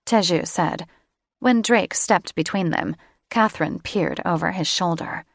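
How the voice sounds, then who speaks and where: Female audiobook narrator, low voice, slow and measured, close dry booth sound. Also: creaky, no room sound. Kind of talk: scripted fantasy romance narration.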